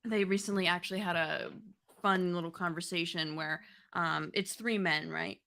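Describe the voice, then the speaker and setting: Woman, 30s, podcast co-host, casual live chat, animated, laughs a lot. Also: on the low side, moderate pace, creaky. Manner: animated, laughs often, breaks into movie impressions.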